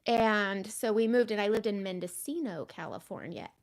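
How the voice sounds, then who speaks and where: A woman hosting a makeup livestream, chatting casually with viewers and drifting into soft muttered asides. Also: medium pitch, moderate pace.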